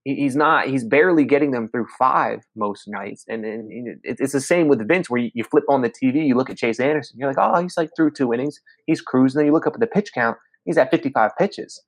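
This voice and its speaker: A man hosting a casual sports podcast, talking in quick, energetic, opinionated run-on sentences. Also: mid-range voice, no echo. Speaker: podcast host.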